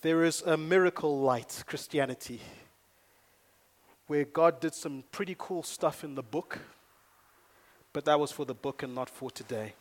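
A man preaching a sermon in a church, telling stories with energy and rising to loud emphasis. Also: fairly high pitch, unhurried. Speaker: pastor. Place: church in Nairobi.

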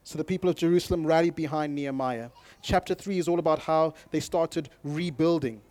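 A man preaching a sermon to his congregation, moving from calm scripture reading to loud, emphatic exhortation and speaking directly to the people in front of him. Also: fairly high pitch, fairly quick, no echo. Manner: addresses the congregation directly with audience prompts. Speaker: pastor.

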